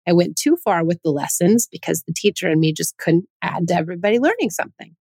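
A woman's voice: fast, hardly any pauses, a little mellow, no room sound. A woman hosting a parenting podcast, talking earnestly on her own and asking her listeners many questions. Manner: acts out quoted parents in higher voice. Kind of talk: solo podcast talk.

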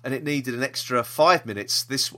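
A man's voice: medium pitch, normal speed, sharp tone. A man co-hosting a podcast, talking in a chatty, jokey, rambling way. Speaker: podcast co-host. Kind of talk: casual chat.

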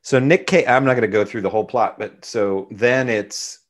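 A man's voice: fairly low pitch, normal speed. A man co-hosting a podcast, reviewing a film in casual, laid-back chat with dry sarcasm. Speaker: podcast co-host.

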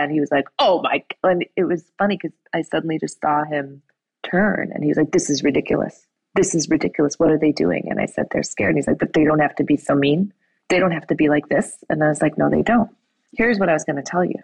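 A woman's voice: low-pitched, creaky, a little mellow, slightly rough, no room sound, low-quality recording. A middle-aged woman telling a family story in a conversational way, acting out quoted dialogue with fillers and restarts.

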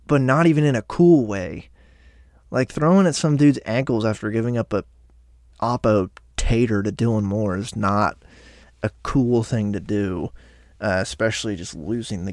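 A man casually recapping a week of baseball as a fan, animated and swearing freely, on a close microphone. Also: mid-range voice, no room sound. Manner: animated, profane, fan banter. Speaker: sports podcaster.

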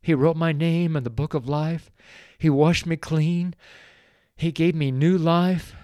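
A man's voice: a little high, steady tone, warm tone, dry recording. A middle-aged man hosting a devotional podcast, praying and sharing testimony in an earnest, emotional way, choked up with tears. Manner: emotional, tearful, slow and earnest. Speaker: podcast host.

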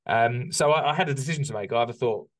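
A man's voice: medium pitch, fast. A man from the UK in his forties, a podcast guest reflecting candidly on rebuilding his business, with frequent ums and restarts. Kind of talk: candid conversational interview.

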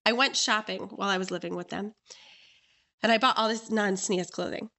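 Woman, life coach, personal storytelling, conversational, animated, frequent filler words, mid pitch. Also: fairly quick, vocal fry. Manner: animated, lots of "like" fillers, acts out quoted voices. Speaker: life coach and interview guest.

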